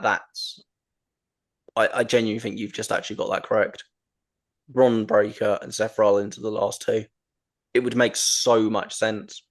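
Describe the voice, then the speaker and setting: A man hosting a wrestling podcast, chatting casually and enthusiastically, with lots of ums and restarts. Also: on the low side. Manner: rambling, enthusiastic, frequent ums. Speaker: podcast host.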